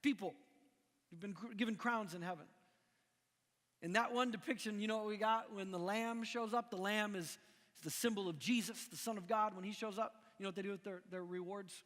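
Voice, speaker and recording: A middle-aged man from Missouri preaching a conversational sermon, animated and full of restarts. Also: sits high, quick pace. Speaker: pastor. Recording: long echoing hall reverb.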